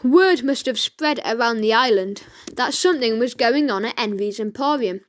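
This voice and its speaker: A woman reading a children's audiobook aloud, slowly and with the odd stumble and self-correction. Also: a little high, animated. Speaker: reader.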